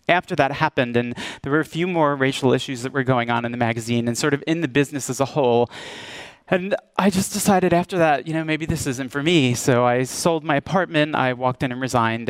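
A man tells a story from his working life in a speech at an event, playing out each quoted exchange as he goes. His voice sits in a middle pitch range. The sound is dry, with almost no room around it. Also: smooth, dry recording. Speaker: casting director. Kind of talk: public speech. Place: event stage.

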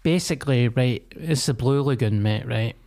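A young Scottish man co-hosts a podcast, launching into a sweary rant during casual chat, complete with acted-out quotes. His voice is medium-pitched with a darkish tone and a moderate pace.

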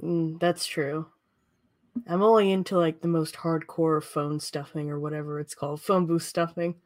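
A woman's voice: low voice, steady tone, moderate pace, a little mellow, no echo. A woman chatting casually as a podcast co-host, making sarcastic, jokey guesses and laughing often. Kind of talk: casual chat, guessing at quiz questions.

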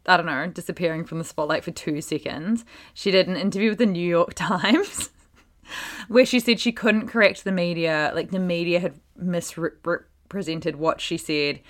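A giggly woman with a slightly low voice co-hosts a gossip podcast. She recaps the story with amused disbelief. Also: moderate pace. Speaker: podcast co-host. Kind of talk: casual gossip chat.

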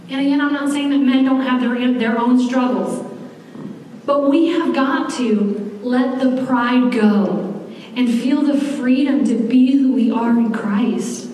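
High-voiced woman preaching in an echoey hall. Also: dark tone, far from the mic, a little hiss or hum. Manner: candid, conversational preaching with asides. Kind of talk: sermon.

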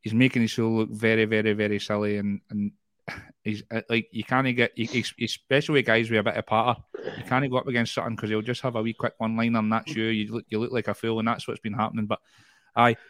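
A man's voice: on the low side, level tone, quick pace, fairly bright tone, no echo. A Scottish man hosting a casual football chat podcast, rambling and often repeating his words. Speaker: podcast host.

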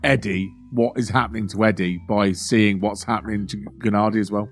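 A comedian appearing as a guest on a casual podcast, chatty and easygoing, laughing along with the hosts. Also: male voice, on the low side, fairly even intonation, a little fast, soft background music.

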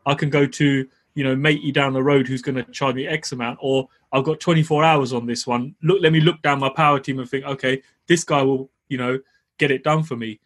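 A man with a mid-range voice co-hosts a podcast, talking fairly quickly with fairly even intonation. He tells stories in a chatty way and laughs as he talks, keeping the chat casual.

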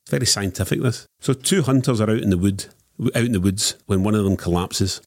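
A man's voice: lowish voice, a little fast, a little mellow, dry recording, clean studio sound. A man hosting a podcast, steering a casual chat and reading out jokes. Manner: leads the talk and tells jokes from lists. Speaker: podcast host.

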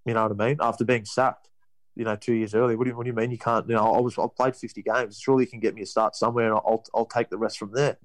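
Australian man, young, fast talker, dry close sound, rambling, lots of restarts. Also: fairly low pitch, little pitch movement, no echo, poor audio. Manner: rambling with many restarts and "you know". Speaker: guest, rugby league player. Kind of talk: casual storytelling interview.

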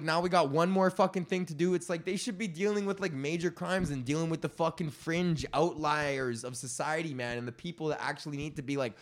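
A man hosting his own podcast, ranting hard and swearing through nearly every sentence. His voice sits high for a man, and he lunges between sharp outbursts and quick asides. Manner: profane, heated ranting. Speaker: podcast host. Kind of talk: solo rant podcast.

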